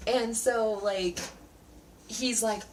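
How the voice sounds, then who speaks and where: A woman's voice: a little high, fairly even intonation, very slow, a little mellow. Chatty sarcastic woman reviewing a show. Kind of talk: casual spoken review. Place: at home. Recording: distant from the mic, faint background noise.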